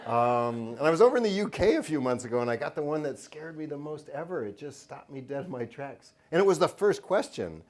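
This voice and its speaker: A man's voice: a little high, sing-song, brisk, few pauses, darkish tone. Joking man giving a funny lecture. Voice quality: joking, self-mocking, laughs often between lines. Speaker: children's book author giving a talk. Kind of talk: humorous lecture to an audience. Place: lecture hall at a university event.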